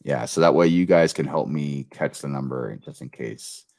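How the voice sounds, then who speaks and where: A man's voice: a bass voice, moderate pace, creaky, a little mellow. A man hosting a live-stream chat show, exclaiming and apologizing in a sing-song way as he runs a giveaway. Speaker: host.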